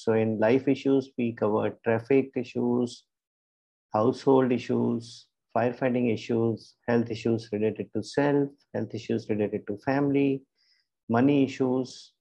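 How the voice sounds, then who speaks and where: A man coaching a group through a guided meditation, giving slow, soothing, repetitive relaxation cues over an online call. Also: medium pitch, fairly even intonation, creaky, warm tone, dull audio. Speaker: life coach leading a guided relaxation session.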